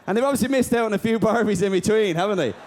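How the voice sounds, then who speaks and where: A man's voice: high-pitched, racing. A man doing a stand-up comedy routine on stage, chatty and often checking in with the crowd. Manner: chatty, keeps checking in with "right?".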